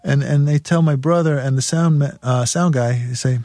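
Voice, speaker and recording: A man spins tour anecdotes in a loose, profane way, laughing as he goes. His voice sits at an ordinary middle pitch and comes across dry and close, with no room sound. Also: normal speed, dry recording. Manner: profane, laughing, animated storyteller. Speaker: guest musician. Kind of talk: casual storytelling interview.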